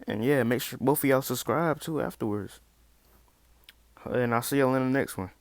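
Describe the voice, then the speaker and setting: A man hosting a channel, closing out a video in a laid-back, casual way with relaxed slang. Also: medium pitch, normal speed, no echo. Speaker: channel host. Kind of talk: casual outro talk.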